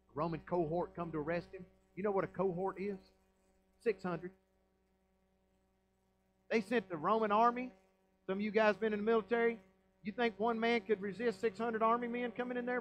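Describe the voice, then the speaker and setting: High-voiced Southern pastor preaching. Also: male voice, lo-fi sound. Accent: Southern American. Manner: folksy, emphatic preaching with rhetorical questions. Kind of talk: sermon. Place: church sanctuary.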